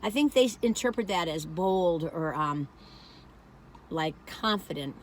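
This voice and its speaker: With a low, expressive voice at a measured pace, a vlogger from the northern United States gives a casual review of a dessert she's tasting, chatting emphatically and meandering as she goes. There's slight background noise.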